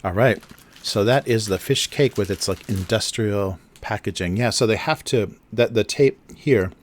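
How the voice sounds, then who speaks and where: A man's voice: on the low side, normal speed. A man hosting a casual drawing livestream, rambling through explanations with lots of fillers and restarts, close to a desk mic at home. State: chewing food near the mic. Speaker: livestream host, cartoonist. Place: home studio in Japan.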